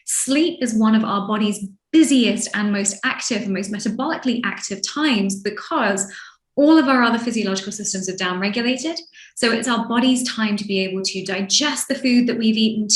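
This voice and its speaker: A woman from London with an English accent, a sleep expert guest who talks in an animated way and acts out people's reactions. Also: fairly high pitch, normal speed, reverberant. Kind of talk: lively interview chat.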